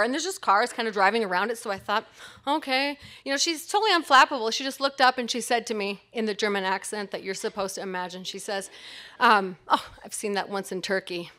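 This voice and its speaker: A middle-aged woman tells a personal story before a live audience, her voice high and bright. She rambles cheerfully, pokes fun at herself, and leans on fillers like "um" and "you know.". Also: fast. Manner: chatty, self-mocking, many fillers like "um" and "you know".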